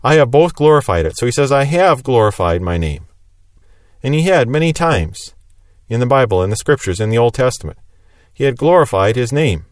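A man's voice: mid-range voice, animated, moderate pace, no room sound. A man preaching a sermon in an earnest, explanatory way, stressing repeated phrases.

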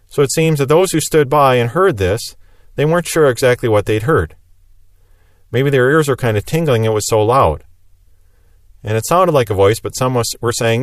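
A man's voice: mid-range voice, expressive, normal speed, no echo, clean studio sound. A man preaching a sermon in an earnest, explanatory way, stressing repeated phrases.

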